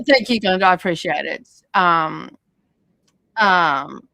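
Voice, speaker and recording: A woman's voice: on the low side, expressive, slow pace, gravelly, bright, forceful tone, dry recording, low-quality recording. A woman hosting a crafting livestream, chatting casually and rambling with many fillers. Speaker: livestream host. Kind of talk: casual chat while crafting. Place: home craft studio.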